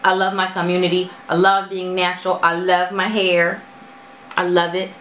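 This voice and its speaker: A woman chatting straight to her viewers in a natural hair vlog, animated and outspoken. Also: moderate pace, reverberant, a little hiss or hum, low-quality recording. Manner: animated, talks straight to viewers with lively pitch jumps. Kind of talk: casual chat to camera.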